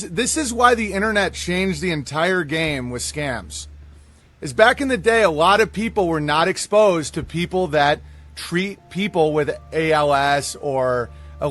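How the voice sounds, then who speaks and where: A man's voice: high voice, a bit bright. A man hosting a reaction commentary video, speaking bluntly and with dismissive sarcasm.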